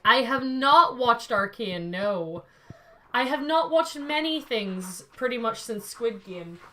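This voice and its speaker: A woman's voice: on the high side, lively intonation, slow, sharp tone, a little hiss or hum. A woman, chatting playfully as a streamer, laughing often and talking to her cat and her chat. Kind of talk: casual gaming stream chat.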